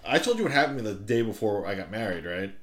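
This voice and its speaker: Laid-back man in casual chat. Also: lowish voice. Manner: relaxed, swears casually, halting restarts.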